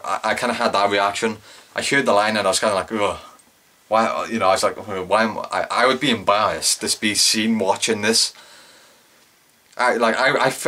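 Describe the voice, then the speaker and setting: Young guy rambling thru a tv review, lowish voice, keeps backtracking n overdoing it. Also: bright, forceful tone. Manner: rambling, self-correcting, exaggerated cringing asides. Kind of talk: casual solo review monologue.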